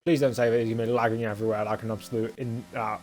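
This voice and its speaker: A man's voice: on the low side, level tone, racing, a little mellow, faint music behind. A young man casually commentating a sim racing stream, rambling with lots of filler and cheeky, crude jokes.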